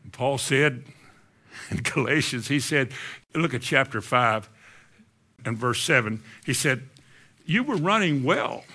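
A man's voice: medium pitch, takes it slowly, long pauses, bright, forceful tone. A male preacher, preaching a conversational sermon and asking the congregation questions.

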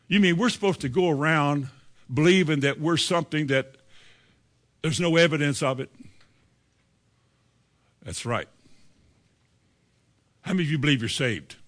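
Brief: male pastor, fairly high voice, sermon delivery, rhetorical questions, voices doubters' replies. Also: a bit bright.

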